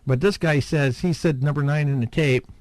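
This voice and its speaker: With a fairly high-pitched but darkish voice, a man hosts a podcast at a moderate pace, chatting casually and hesitantly with many fillers and little chuckles as he rambles. There is no room sound.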